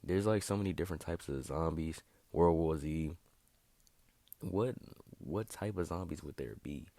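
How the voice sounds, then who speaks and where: A man's voice: rumbling low, moderate pace, gravelly, mellow, no room sound. A young man hosting a video, talking in a casual, profane and rambling way that gets worked up at times. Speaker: video host. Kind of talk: casual monologue.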